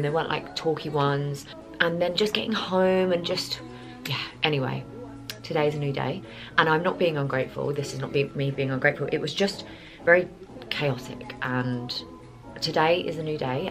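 A British woman in her twenties chatting casually to her phone camera in a rambling vlog, full of ums and likes. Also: low-pitched. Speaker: vlogger.

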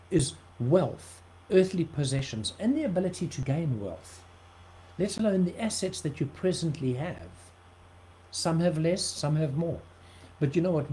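A man's voice: fairly high pitch, mellow, a little hiss or hum, low-quality recording. A man from South Africa preaching an earnest livestream sermon, often repeating words for emphasis.

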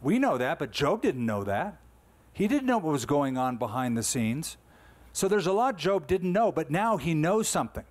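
A man's voice: fairly high pitch, big pitch swings, moderate pace. A man in his sixties, a pastor delivering a conversational, emphatic sermon full of rhetorical questions.

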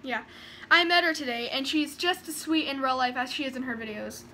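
Woman putting on a young gaming host, excitable, shouty, bright high voice, faint room noise. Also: a little fast. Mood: gushing. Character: hyper young male Irish gaming video host.

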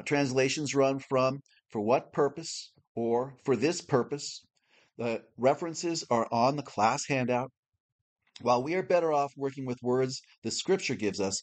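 A man teaching a Bible class, reading a prepared lesson in a measured, explanatory way and slowly spelling out letters. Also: mid-range voice.

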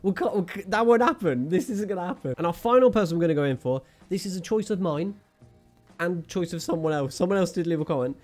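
A gaming channel host with a high-pitched, fast voice calls his own football game as he plays it live, his pitch leaping up and down constantly. Excitable and jokey, he chats with his viewers and to himself. Faint music plays behind him.

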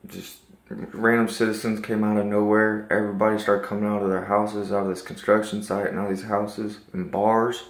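A man's voice: on the low side, reverberant. A man telling a personal dream story in a casual, rambling and earnest way, full of restarts.

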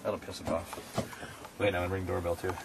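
A man's voice: low-pitched, little pitch movement, fast talker, vocal fry, heavy background noise. A man hosting a morning radio giveaway on location in a listener's home, teasing people and counting out cash in a joking way. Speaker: radio morning show host.

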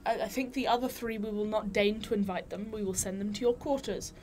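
A woman's voice: mid-range voice, steady tone, fairly quick, a little mellow. A woman playing a tabletop game, blunt and jokey with plenty of swearing. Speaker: player. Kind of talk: tabletop game role-play.

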